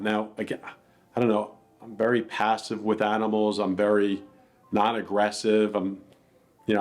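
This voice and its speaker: A man earnestly telling a personal account in a plainspoken, reflective way. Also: lowish voice. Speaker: dog attack victim telling his story.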